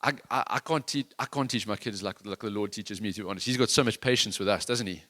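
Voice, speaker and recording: A man's voice: on the low side, quick pace, bright, forceful tone. A man preaching a sermon in an earnest, conversational, self-deprecating way, with many restarts. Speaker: worship leader giving a sermon.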